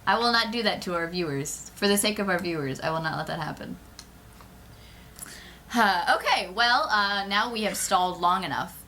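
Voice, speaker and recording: A woman's voice: medium pitch, expressive, normal speed, bright, forceful tone, slight background noise. A woman hosting a casual podcast, giggling often and wrapping up the show with a string of cheerful greetings. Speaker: podcast host. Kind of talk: casual chat.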